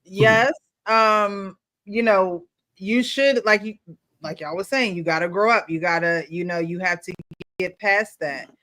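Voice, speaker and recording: East Coast woman, panelist, measured explainer. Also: medium pitch, sharp tone. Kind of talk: casual panel discussion.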